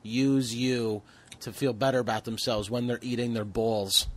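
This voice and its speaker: A man's voice: medium pitch, normal speed, dry recording. A man co-hosting a comedy podcast, chatting casually and acting out the people in his stories. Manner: animated storytelling, acts out quotes. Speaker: podcast co-host.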